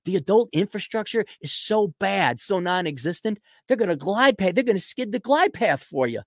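Man, podcast host, sarcastic rant, blunt, clears throat a lot, dry close sound. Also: high-pitched, very animated, moderate pace, no room sound. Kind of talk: ranting solo commentary.

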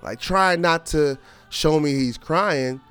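A man's voice: fairly high pitch, takes it slowly, clean tone, faint music behind. A man hosting a podcast, telling a family story in a chatty, casual way with lots of fillers. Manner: animated and chatty, full of fillers. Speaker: podcast host.

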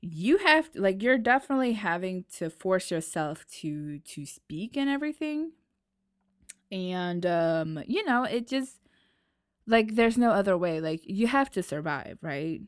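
A woman's voice: medium pitch, sing-song, a little slow, clean tone, no room sound, studio quality. A woman with an American accent, co-hosting a casual podcast chat and playfully imitating accents. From United States. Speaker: podcast co-host.

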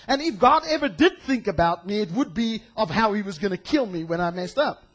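A male pastor preaches an animated sermon, acting out voices and shouting to drive points home. His voice sits high and he speaks fairly quickly.

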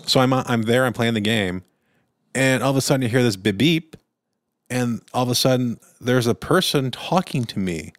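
A man's voice: medium pitch, normal speed, dry recording, studio quality. A young adult man co-hosting a podcast, telling a long story in casual chat with many restarts. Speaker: podcast co-host.

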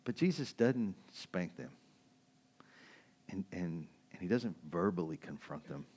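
A male pastor giving a sermon in a casual, conversational way, laughing often and swinging from loud, excited bursts to quiet, low stretches. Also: measured pace, a little hiss or hum.

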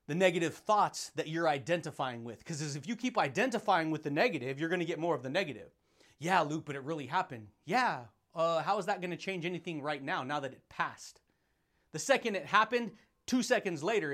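A man's voice: high voice, a bit bright. A man hosting a motivational podcast, talking in a hyped-up, laughing monologue and calling listeners buddy, dude and baby.

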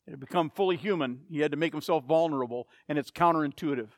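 Emphatic high-voiced male preacher. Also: very fast, dry recording, clean studio sound. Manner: emphatic, repeats key phrases. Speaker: pastor. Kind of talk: sermon.

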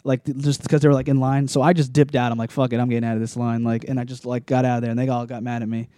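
A man's voice: mid-range voice, flat delivery, very fast, warm tone, clear, resonant tone, dry recording, studio quality. A young man telling a long story in casual chat, rambling with many likes and restarts.

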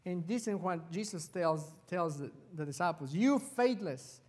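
High-voiced pastor preaching in a reverberant church. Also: male voice, normal speed. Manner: animated storytelling, acting out quoted lines. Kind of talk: sermon. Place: church sanctuary.

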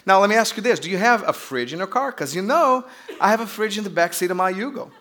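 List: man doing a cheeky bragging car owner, Brazilian accent, raised pitch, teasing. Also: animated, quick pace, pushed and bright. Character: cheeky boastful man in a tiny cheap car.

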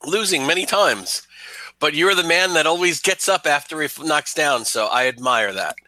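A man's voice: a little high, expressive, normal speed, bright, forceful tone, dry recording, voice pushed up, poor audio. A man voicing an old, courteous retired commander. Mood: flattering. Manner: polite, formal welcoming speech.

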